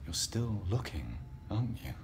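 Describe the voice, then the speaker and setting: A calm, deep-voiced company official. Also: male voice. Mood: measured. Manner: measured, polite, formal. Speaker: game character. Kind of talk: video game voice acting. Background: loud game music.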